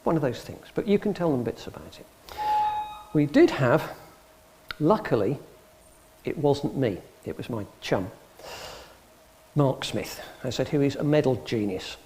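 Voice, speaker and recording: Here a man with a medium-pitched voice talks a little slowly, with a faint hiss or hum on the recording. He tells stories in a public hall to an audience, animatedly playing the characters in his anecdotes.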